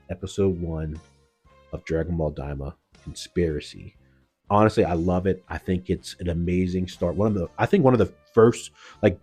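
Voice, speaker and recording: Chill lowish-voiced dude rambling thru an anime recap, slangy, faint music under him. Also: male voice, mellow, husky. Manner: slangy, loose, fills with "like" and "yo". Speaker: anime reviewer. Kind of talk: casual episode recap.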